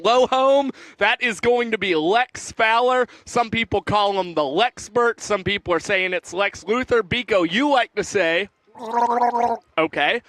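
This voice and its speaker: A young man commentating a baseball broadcast, chatting casually and rattling off crew shout-outs while sweating from hot sauce. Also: high voice, a little slow, no echo, low-quality recording.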